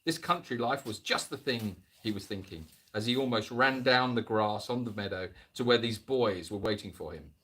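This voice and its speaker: A man's voice: lowish voice, moderate pace, hardly any pauses, a bit bright, husky. A man hosting a livestream, reading a story aloud and breaking off for sarcastic, jokey comments. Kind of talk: comic story reading with asides.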